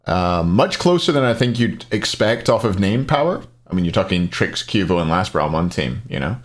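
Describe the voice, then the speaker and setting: A man's voice: sits low, sing-song, moderate pace. A man casting an esports match on a live stream, rambling between plays and answering chat questions aloud. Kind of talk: casual live-stream commentary.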